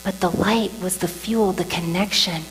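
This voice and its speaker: A woman telling an audience about her near-death experience, animated and emotional, often asking the listeners questions and dropping to a whisper. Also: on the low side, normal speed, soft background music. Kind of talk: emotional testimony talk. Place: large hall with an audience. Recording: reverberant hall, faint mains hum.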